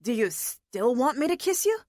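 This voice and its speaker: A woman voicing an awkward, apologetic young man, lowering her voice for him in an audiobook reading. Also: sing-song, normal speed, darkish tone, dry recording, studio quality. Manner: earnest, sheepish.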